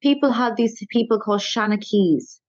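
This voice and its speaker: A woman's voice: fairly high pitch, normal speed, a little mellow, no room sound, highs cut off. A woman with an Irish accent, a stand-up comedian talking in a casual interview, rambling and self-deprecating. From Ireland.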